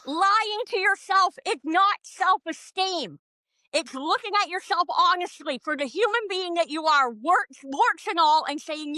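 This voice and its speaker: A middle-aged woman talking on a podcast in animated, profane, self-mocking rants. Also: high voice, no echo. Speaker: podcast guest. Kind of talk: casual podcast conversation.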